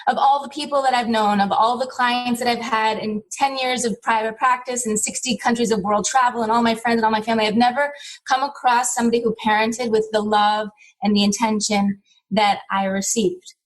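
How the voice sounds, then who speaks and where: A woman's voice: fairly high pitch, steady tone, brisk, low-quality recording. A woman in her thirties, a guest on an interview podcast, telling a personal story in a reflective, heartfelt way, with many "you know" fillers.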